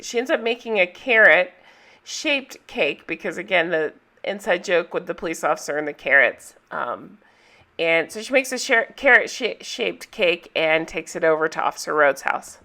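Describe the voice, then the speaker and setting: Bright, chatty woman recapping a movie. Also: on the low side, lively intonation, moderate pace. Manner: chatty, giggly, enthusiastic retelling.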